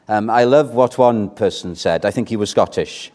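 A man's voice: lowish voice, normal speed, a little mellow. A man preaching an evening sermon in a church, earnestly putting rhetorical questions to the congregation.

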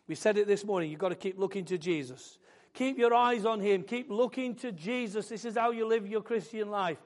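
Man, preacher, sermon, fervent, emphatic, high voice. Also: fairly quick. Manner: fervent, rising to loud declarations.

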